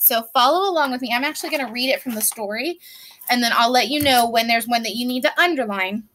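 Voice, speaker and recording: Woman, reading teacher, children's phonics lesson, patient, playful examples, bright clear tone. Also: on the high side.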